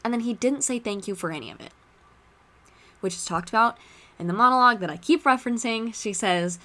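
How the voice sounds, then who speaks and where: A woman hosting a podcast, chatting casually and retelling movie scenes with lively asides. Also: fairly high pitch, brisk. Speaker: podcast host.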